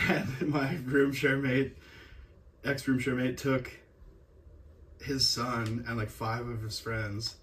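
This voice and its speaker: A man's voice: medium pitch, little pitch movement, slow, long pauses, fairly bright tone. A man telling rambling, profane stories in a casual podcast chat. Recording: distant mic, faint background noise.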